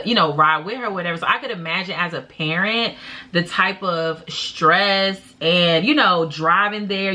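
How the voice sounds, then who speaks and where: A young woman casually telling a dramatic story to camera, full of loud laughs, sudden shouts and hushed whispers. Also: on the low side. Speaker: vlogger.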